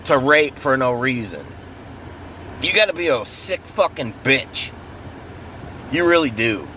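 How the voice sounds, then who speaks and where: A man's voice: mid-range voice, big pitch swings, a little slow, sharp tone. A man in an angry, profane true-crime rant, heated and repetitive, recorded outdoors near traffic. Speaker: vlogger.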